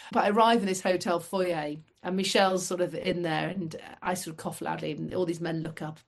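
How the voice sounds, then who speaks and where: A middle-aged woman from the United Kingdom, a podcast guest telling lively anecdotes with self-deprecating asides. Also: lowish voice, a little fast, vocal fry. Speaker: guest, former fast jet pilot. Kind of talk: casual storytelling.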